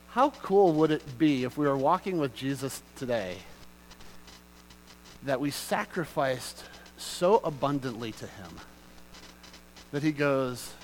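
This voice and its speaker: A man preaching a sermon as pastor, reading scripture aloud and explaining it, moving from quiet reading to loud, passionate emphasis. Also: medium pitch, a little hiss or hum, rough recording.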